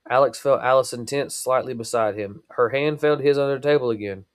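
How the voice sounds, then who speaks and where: A man, a podcast host, reading a chapter of his novel aloud in a steady storytelling voice. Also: medium pitch, quick pace, few pauses, smooth.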